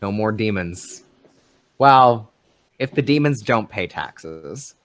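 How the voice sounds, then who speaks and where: A man's voice: lowish voice, lively intonation, slow, fairly bright tone. A man running a live-streamed tabletop game as game master, wry and joking in a laid-back way.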